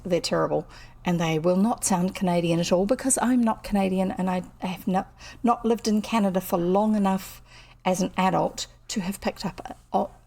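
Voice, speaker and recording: A woman's voice: on the low side, gravelly, darkish tone. A woman chatting casually on a livestream from her home desk, rambling and interrupting herself as a storyteller. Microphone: computer streaming setup.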